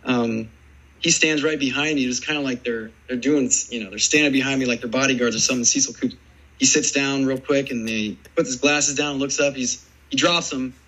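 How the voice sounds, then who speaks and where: A man in his forties, a former baseball player, telling rambling, animated stories in a casual interview. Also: mid-range voice, a little fast, rough recording. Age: 40s. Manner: rambling, animated storytelling full of "dude" and "man".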